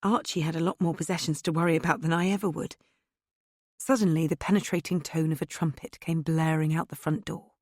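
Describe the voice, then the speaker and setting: A woman's voice: low voice, steady tone, brisk, darkish tone, no room sound, studio quality. Wry woman narrating an audiobook. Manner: wry, first-person storytelling.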